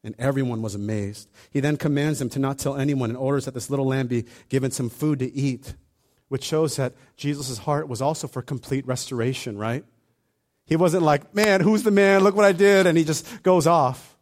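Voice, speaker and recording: A man's voice: medium pitch, moderate pace. Conversational male preacher. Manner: conversational, animated retelling with acted-out asides. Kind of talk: sermon.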